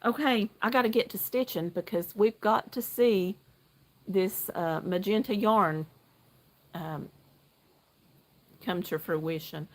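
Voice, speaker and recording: Chatty excitable middle-aged woman. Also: mid-range voice, slow pace, long pauses. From North Carolina. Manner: chatty, excitable, greets viewers by name. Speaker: livestream host. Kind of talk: casual live chat while knitting. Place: outdoor deck at home.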